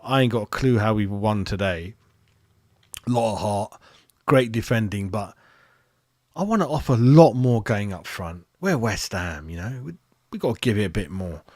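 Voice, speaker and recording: Excitable matey man. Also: mid-range voice, no room sound, clean studio sound. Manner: excitable, matey, chats to viewers by name. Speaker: fan channel host. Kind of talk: live match reaction chat.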